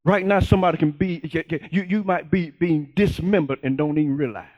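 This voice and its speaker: A male pastor preaching a sermon, calling and responding with the congregation and rising to shouts. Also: fairly high pitch, a little fast, lo-fi sound.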